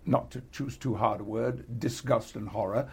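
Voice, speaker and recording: Older British actor guest, gravelly, halting, chuckly; casual interview talk. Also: male voice, medium pitch.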